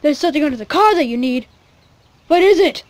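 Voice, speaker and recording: A woman voicing a childish, grumpy male pig king in a fan cartoon, shouting and repeating himself with whiny sighs. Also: high voice, lively intonation, fast, a little hiss or hum. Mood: excited.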